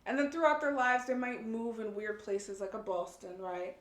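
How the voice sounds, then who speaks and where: A woman's voice: fairly high pitch, lively intonation, moderate pace, echoey room. A woman co-hosting a podcast, chatting casually in a blunt, profane, teasing way. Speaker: podcast co-host. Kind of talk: casual chat.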